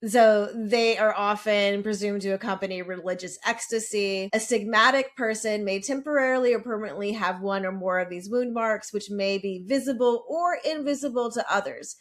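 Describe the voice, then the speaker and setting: A woman in a middle-pitched voice co-hosts a casual podcast. She talks in a chatty, self-deprecating way and reads facts aloud between asides. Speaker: podcast co-host presenting lore. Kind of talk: casual podcast recap chat.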